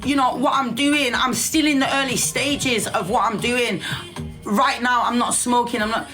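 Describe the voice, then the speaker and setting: A woman's voice: a little high, fairly even intonation, moderate pace, a bit bright, soft background music. A middle-aged woman ranting on a livestream, brash and profane, calling everyone darling. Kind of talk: casual rant on a livestream.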